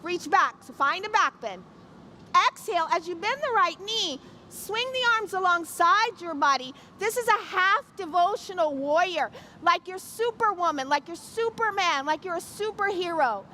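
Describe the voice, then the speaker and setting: A woman's voice: very high voice, lively intonation, moderate pace, bright, forceful tone, a little hiss or hum. A middle-aged woman teaching an outdoor yoga class, giving playful, encouraging cues and jokes. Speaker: yoga instructor. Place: outdoor city square event.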